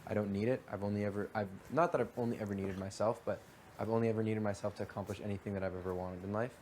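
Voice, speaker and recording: A young man talks fast in a slightly low voice, circling his thoughts with fillers. It is a casual late-night conversation picked up by a live-feed mic with a faint hiss behind it. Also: steady tone, a little mellow. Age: young adult. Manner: fast, rambling, heavy on fillers. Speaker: reality show houseguest.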